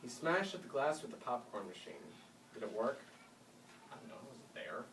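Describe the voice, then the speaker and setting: A man reading a story aloud to school classes, lively with dramatic swells, recorded from across a roomy indoor space. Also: mid-range voice, normal speed, background noise. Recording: roomy room, mic far off.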